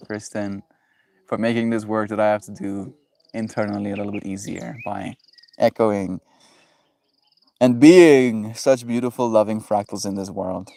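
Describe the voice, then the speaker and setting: A man's voice: lowish voice, creaky, warm tone. A man on a daily livestream, chatting in a rambling, playful way, laughing often and reading viewer messages aloud. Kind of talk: casual livestream chat.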